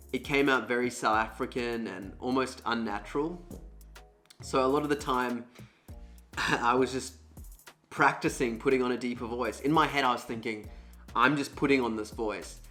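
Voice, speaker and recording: A young man casually telling his own story in a candid, chatty way with plenty of fillers, and his voice is smooth and low. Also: fairly bright tone.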